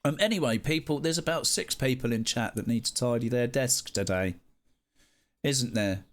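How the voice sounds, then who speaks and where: A man chatting casually with viewers on a live stream, playful and animated, breaking into sing-song greetings. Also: mid-range voice, moderate pace.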